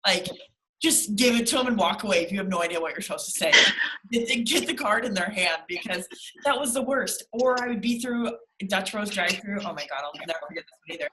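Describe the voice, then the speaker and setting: A young woman with a bright, forceful voice talks to her sales team in casual motivational chat. She is animated and acts out little scenes as she goes. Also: medium pitch, fast, reverberant, slight background noise, low-quality recording. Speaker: co-host of a sales team call.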